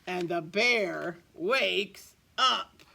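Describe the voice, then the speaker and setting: A woman teacher reading a picture book aloud to her class, expressive and playful, with asides to the children. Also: lowish voice, very slow, creaky.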